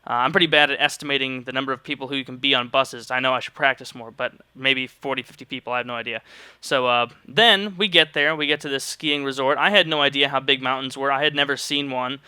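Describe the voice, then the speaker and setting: A man's voice: medium pitch, fairly even intonation, fast, sharp tone, clean tone, dry recording. A young man from St. Louis, Missouri, telling a rambling, joking story in casual vlog style and swearing freely. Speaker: vlogger.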